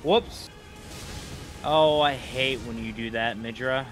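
A man's voice: mid-range voice, slow pace, faint music behind. A young man giving profane, frustrated commentary while playing a game, trash-talking bosses. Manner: swearing, frustrated outbursts, mocking trash talk. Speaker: gaming streamer.

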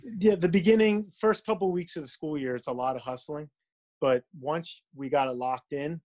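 A man's voice: fairly high pitch, normal speed, darkish tone. A man, a school band director, answering interview questions over a video call in an easygoing, explanatory way. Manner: easygoing, explanatory, fillers like you know.

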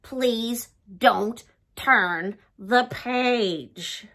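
A woman's voice: a little high, very slow, sharp tone. A woman reading a picture book aloud in a dramatic, pleading, playful way, as the host of a storytime channel.

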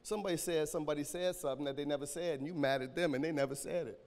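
Male pastor, high voice, AAVE, shouting sermon with a cracking voice, echoing church hall. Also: racing. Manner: preaching with call-and-response and sudden shouts.

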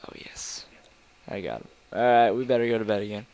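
A young man commentating a video game in a casual, rambling, goofy way, with sudden loud outbursts. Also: on the low side, fairly quick. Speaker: gameplay commentator.

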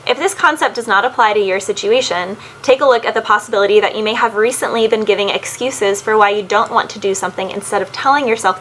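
A woman's voice: on the high side, fairly bright tone, slight background noise, low-quality recording. A woman giving a casual spoken tarot card reading, earnestly advising the listener and often addressing them by their zodiac sign.

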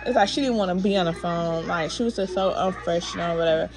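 A woman's voice: lowish voice, fast talker. A woman vlogging a frustrated, rambling rant while drowsy from pain pills. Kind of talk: casual ranting to camera.

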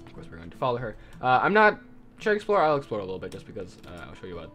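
A man's voice: on the low side, wildly swooping pitch, racing, a bit bright. A man chatting casually while playing a video game, rambling and correcting himself as he goes. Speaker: let's play gamer. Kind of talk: casual gameplay commentary.

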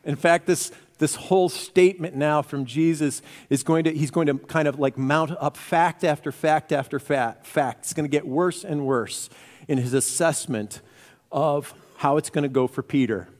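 A male pastor preaching a sermon in a church, telling the story with animated energy and acting out the quotes. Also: fairly high pitch, normal speed. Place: church sanctuary. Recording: reverberant church hall.

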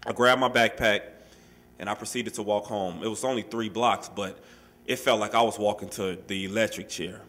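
Bright-voiced man telling his own story. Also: lowish voice, normal speed. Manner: casual, street-style speech, full of "you know" and "man"; animated, acts out quoted voices. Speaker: speaker sharing his life story at a workshop. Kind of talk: personal storytelling to an audience.

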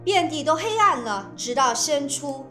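A woman interpreting a sermon phrase by phrase with expressive phrasing. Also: high-pitched, moderate pace, echoey room, soft background music.

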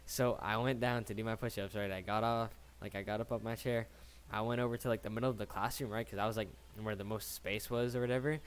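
A man's voice: lowish voice, fairly even intonation, quick pace, slight background noise. A young man in his late teens telling a casual story, rambling and slangy, swearing often and tagging his sentences with "right?".

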